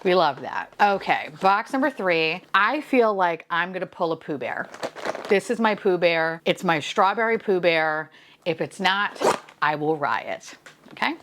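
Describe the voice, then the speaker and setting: A woman's voice: fairly low pitch, big pitch swings, unhurried, noisy background. A woman chatting playfully as she unboxes toys on camera, swearing, laughing and dropping to whispers. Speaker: vlogger unboxing blind boxes. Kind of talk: casual unboxing chat.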